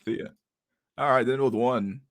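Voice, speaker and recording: A man's voice: medium pitch, moderate pace. A man hosting a stream, chatting casually and joking crudely with his guests. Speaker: stream host. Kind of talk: casual chat.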